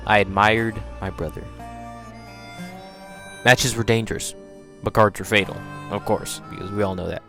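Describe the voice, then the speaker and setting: A man's voice: on the low side, steady tone, moderate pace, gravelly, long pauses, bright, forceful tone, soft background music. A man reading a novel aloud in a casual, offhand way, stumbling over words and tossing in swearing asides. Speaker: reader.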